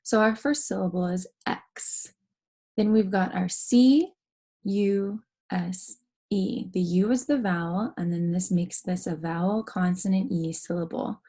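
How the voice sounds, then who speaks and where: A woman teaching a phonics lesson to young students, explaining word parts slowly and carefully, step by step. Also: fairly low pitch, mellow, breathy edge.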